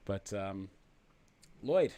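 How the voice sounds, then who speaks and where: A man's voice: low voice, expressive, drawn-out words, warm tone, no room sound. A man hosting a casual livestream chat, laid-back and rambling, greeting viewers by name. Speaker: host.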